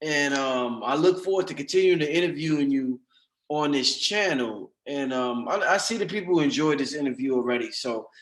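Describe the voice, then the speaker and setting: A man's voice: medium pitch, animated, normal speed, fairly bright tone. Man, interview host, laid-back slang, stumbling restarts, roomy echo. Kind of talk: casual interview chat.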